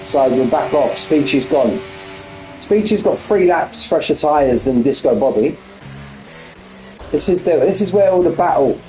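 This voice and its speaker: A man's voice: fairly high pitch, animated, unhurried, mellow, soft background music, poor audio. A man commentating a sim race on a live stream, bantering with viewers and often repeating himself.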